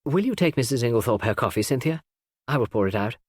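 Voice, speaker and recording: Man voicing a gracious woman, calm, soft, storybook. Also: medium pitch, quick pace, husky, dry recording. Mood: gentle. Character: gracious composed woman hostess.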